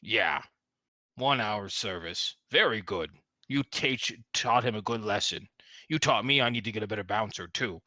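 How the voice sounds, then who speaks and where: A man's voice: on the low side, moderate pace, pushed and bright, no echo, clean studio sound. A man voicing a male orc leader who runs a business and speaks bluntly. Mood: gruff.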